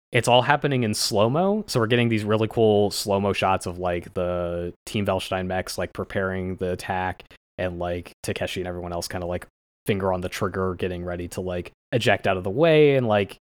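A man co-hosting a podcast in casual chat, talking excitedly with many fillers and frequent swearing. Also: on the low side, dry recording. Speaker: anime podcast co-host.

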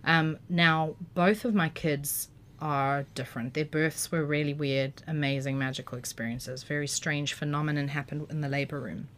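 Low-voiced woman telling stories. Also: normal speed. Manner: animated, vivid storyteller, casual swearing. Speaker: podcast guest. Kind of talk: casual storytelling.

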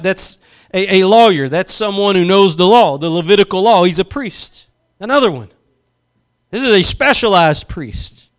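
A man preaching a sermon with passion, building slowly with emphasis and dropping into soft asides. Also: sits high, smooth. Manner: impassioned, swings between slow emphatic build-ups and soft asides.

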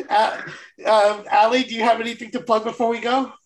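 A man's voice: extremely high pitch, rough recording. A man co-hosting a podcast in casual chat, rambling and restarting his sentences and laughing often. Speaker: podcast co-host.

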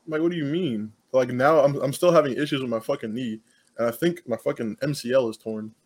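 A man's voice: medium pitch, fast, darkish tone. A young man co-hosting a casual podcast, talking in a blunt, laid-back, profane way. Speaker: podcast co-host. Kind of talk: casual chat.

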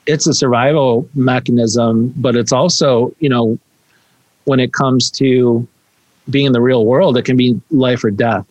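A man hosting a conversational interview, probing and animated when he makes a point. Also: medium pitch, measured pace, no echo, poor audio.

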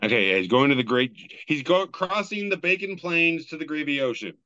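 A man's voice: fairly high pitch, expressive, brisk, bright, forceful tone, clean tone, no echo, muffled recording. A man hosting a casual podcast, reading memes aloud in a loose, joking way and swearing freely. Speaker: podcast host.

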